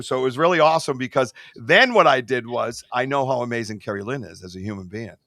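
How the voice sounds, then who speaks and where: A man hosting a podcast in casual chat, excitable and rambling with lots of fillers. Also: medium pitch, fast, gravelly, hardly any pauses, no echo, clean studio sound. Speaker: podcast host.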